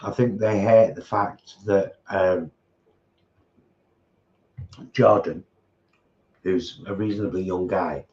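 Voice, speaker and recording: A man's voice: low-pitched, steady tone, takes it slowly, pauses often, a little mellow. A middle-aged man co-hosting a casual mukbang chat, blunt and outspoken, mocking his critics. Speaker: co-host. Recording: slightly dull home recording.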